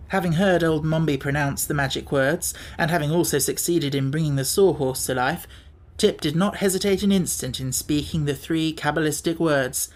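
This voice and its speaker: A man reading a classic children's fantasy novel aloud as an audiobook narrator, in a measured, expressive storytelling manner. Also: fairly high pitch.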